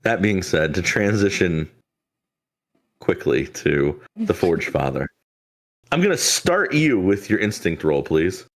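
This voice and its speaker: Low-voiced man running a tabletop game. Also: sing-song, takes it slowly. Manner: loose and rambling, full of "like" fillers. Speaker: game master.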